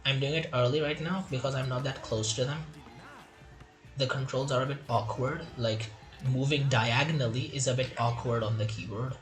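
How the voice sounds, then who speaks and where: A man's voice: medium pitch, steady tone, moderate pace, soft background music. Chatty man narrating gameplay. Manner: chatty, reads on-screen tips aloud. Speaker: gamer playing a game tutorial. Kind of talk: casual gameplay commentary.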